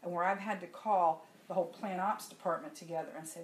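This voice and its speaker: A church speaker with a lowish voice tells her personal testimony to the congregation a little fast, with few pauses. Her delivery is conversational storytelling that turns animated when she laughs. The room is echoey with faint ambience and a slight hiss or hum.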